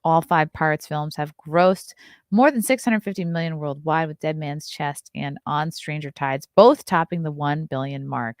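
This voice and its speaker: Speaking at a moderate pace in a low voice, a young woman hosts a laid-back morning talk podcast. She reads out the news and interrupts herself with blunt remarks full of swearing, and the studio-quality audio has no echo.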